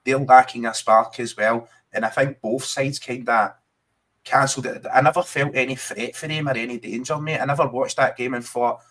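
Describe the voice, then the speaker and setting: A Scottish man talks football in a loose, chatty way, tossing in "mate" as he goes. His voice sits at an ordinary middle pitch. It suits a relaxed podcast chat between fans. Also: normal speed. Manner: chatty, keeps saying mate. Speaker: podcast co-host.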